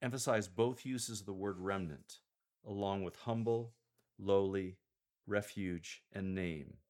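Man, lowish voice, unhurried and measured, coaching scripture readers for a podcast. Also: darkish tone. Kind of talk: instructional podcast on reading scripture aloud.

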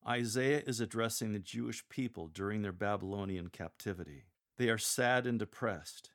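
A man giving a scripted lesson to church lectors on reading scripture aloud, measured and clear, slowing down to demonstrate emphatic proclamation. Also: on the low side. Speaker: lector coach.

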